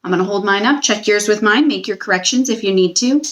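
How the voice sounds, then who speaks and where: A woman's voice: medium pitch, lo-fi sound. A young woman teacher giving a recorded spelling lesson to children, patient and drawing out each word. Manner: patient, slow, stretches out words.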